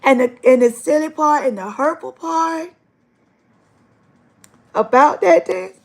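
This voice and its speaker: A woman's voice: high-pitched, expressive, slow, vocal fry. A woman hosting a livestream, giving an earnest, emotional faith testimony straight to her viewers. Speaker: livestream host. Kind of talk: live-stream faith testimony.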